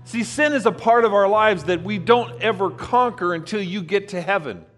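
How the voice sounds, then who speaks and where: A man's voice: high voice, moderate pace, a bit bright, faint music behind. A man preaching a sermon, earnest and emphatic, building on repeated phrases. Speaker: pastor.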